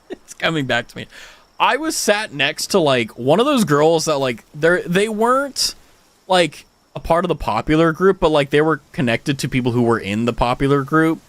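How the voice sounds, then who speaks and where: Lively young American man chatting on stream. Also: a little high, no echo. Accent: General American. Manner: animated storytelling, frequent swearing, many fillers. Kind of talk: casual chat with stream viewers.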